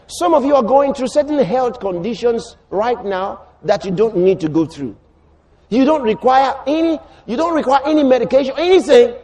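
A man preaching a sermon, emphatic and repetitive, rising to shouts. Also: very high-pitched, normal speed, a faint crowd, a little hiss or hum.

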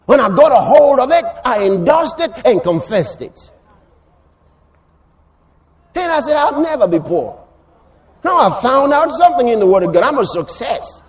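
A man preaching a sermon, emphatic and repetitive, rising to shouts. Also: extremely high pitch, sing-song, moderate pace, long pauses.

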